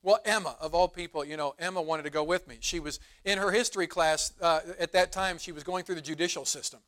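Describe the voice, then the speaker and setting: A middle-aged man, a pastor preaching a sermon in a church, telling a folksy story in a relaxed, conversational way. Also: fairly high pitch, fast talker. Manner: rises to emphatic preaching. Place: church sanctuary.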